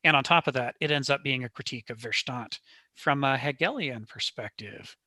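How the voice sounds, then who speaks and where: A man leading a study group discussion, animated and laughing as he makes his points. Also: mid-range voice, a little fast, dry recording.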